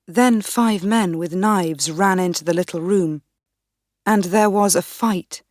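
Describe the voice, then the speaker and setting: A woman narrating a first-person story for English learners in a clear, measured way. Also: lowish voice, a little mellow, no echo, clean studio sound. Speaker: audiobook narrator.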